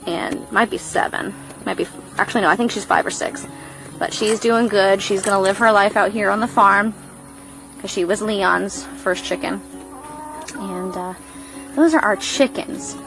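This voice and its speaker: A woman's voice: vocal fry, rough recording. A woman giving a casual farm tour, chatting about her animals outdoors. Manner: chatty, cooing at animals in a high baby voice. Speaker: farm vlogger.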